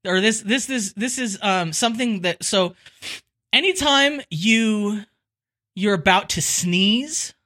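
A podcast co-host with a bright, sharp-edged voice. He chats casually, rambling through his stories with plenty of giggles. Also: high voice, takes it slowly. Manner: giggly, rambling, animated storyteller. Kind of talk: casual chat.

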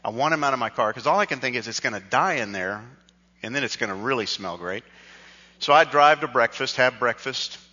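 Bright-voiced pastor, echoing hall. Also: male voice, mid-range voice, animated, a little fast. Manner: conversational storytelling, self-deprecating. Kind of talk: sermon with personal story. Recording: dull sound with long hall reverb.

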